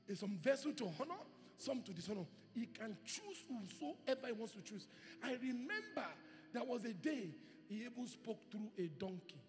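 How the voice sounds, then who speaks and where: A male pastor preaching a sermon with emphatic delivery, rising to shouts and acting out quoted voices. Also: very high-pitched, animated, moderate pace. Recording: reverberant hall with faint music.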